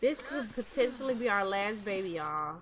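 A woman's voice: medium pitch, animated, normal speed, background noise. A young woman, chatting casually over gameplay and talking to her viewers as "y'all". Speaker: gameplay commentator. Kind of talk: casual game commentary.

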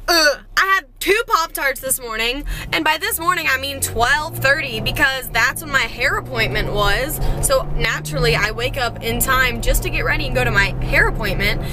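Young female vlogger, high voice, chatty and frazzled, noisy car ride. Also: pushed and bright. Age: young adult. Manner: chatty, flustered and rushed. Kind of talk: casual vlog to camera.

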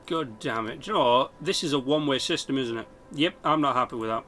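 Brief: male let's-play host, rambling and foul-mouthed, forceful bright tone, faint music under. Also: on the high side, expressive, brisk. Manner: rambling, swears a lot, self-mocking. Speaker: gaming channel host.

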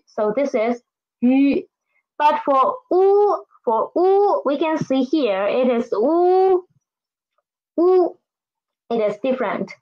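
A woman teaching a Mandarin lesson, patient and methodical, repeating each sound and checking in with "right?" and "okay?". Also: a little high. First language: Filipino. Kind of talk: online language lesson. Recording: slightly dull lo-fi recording.

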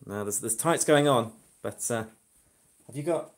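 A man with a mid-range voice speaks at a normal pace, hosting a casual hypnotist livestream from his phone camera in an indoor flat. He chats and jokes with his viewers.

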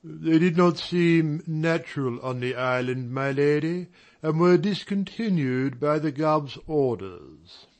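A man playing a composed, dignified butler who answers with measured formality. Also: a little high, expressive.

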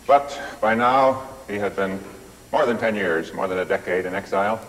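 An older man presenting a documentary in measured, scripted narration with dry, wry asides. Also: fairly low pitch, a bit bright, rough recording.

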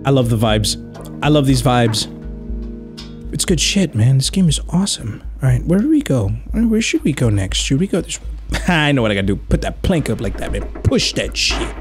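Lively joking gamer man. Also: mid-range voice, moderate pace, soft background music. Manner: animated, joking, mixes in Spanish words. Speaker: gaming YouTuber. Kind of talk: casual gameplay commentary.

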